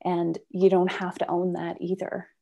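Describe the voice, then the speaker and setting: Mellow-voiced woman interview host. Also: fairly low pitch, monotone, moderate pace, creaky, muffled recording. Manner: chatty, warm laughter, thinks aloud. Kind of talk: conversational interview.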